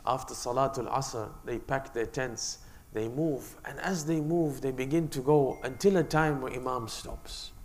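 A male preacher narrating a religious story in a sermon, in an earnest, measured storytelling manner. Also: medium pitch, a little hiss or hum.

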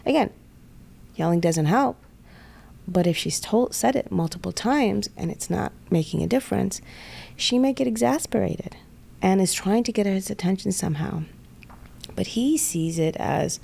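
A woman in an earnest podcast conversation, explaining couple conflicts and quickly acting out what each spouse says. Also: mid-range voice, lively intonation, gravelly, mellow, breathy edge. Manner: earnest, acts out spouses' voices in quick asides.

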